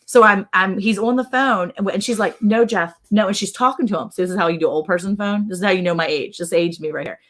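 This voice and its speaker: A middle-aged woman hosts a relaxed live-stream chat, telling family anecdotes in an average-pitched voice. She talks with animation and laughs easily. She also pops her voice way up whenever she quotes a relative. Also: quick pace, hardly any pauses. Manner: animated storyteller who acts out relatives' lines in a raised voice; laughs often while talking. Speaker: host.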